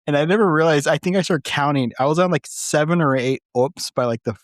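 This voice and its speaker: A man co-hosting a podcast keeps things casual, chatting and laughing often in a slightly high voice at a fairly quick clip. The sound is clean and dry, studio quality.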